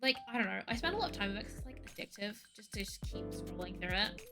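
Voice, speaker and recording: A woman's voice: medium pitch, lively intonation, quick pace, over music. A woman streaming from home, chatting casually in a rambling, ranty way, with lots of "like". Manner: rambling, ranty, heavy use of "like". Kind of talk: casual chat.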